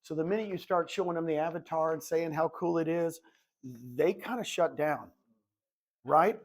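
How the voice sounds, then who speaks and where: A man's voice: on the high side, moderate pace. A man in his sixties coaching real estate agents in a live presentation, a self-described goofball who acts out conversations as he tells stories. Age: 60s. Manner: animated storytelling, acts out dialogue.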